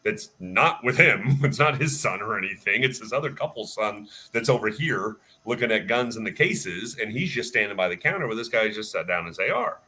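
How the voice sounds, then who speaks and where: A man who works as a firearms instructor, telling a story in a casual, animated way with plenty of fillers. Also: fairly low pitch, fairly quick, hardly any pauses, breathy edge. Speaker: firearms instructor and range staff. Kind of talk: casual storytelling on a live chat.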